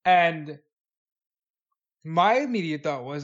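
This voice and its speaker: A man in casual podcast talk, telling stories with lively acted quotes and rushes of energy. His voice sits in the middle range. The audio is dull and lo-fi. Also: medium pitch. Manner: animated storyteller acting out quotes. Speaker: podcast co-host. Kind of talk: casual wrestling discussion.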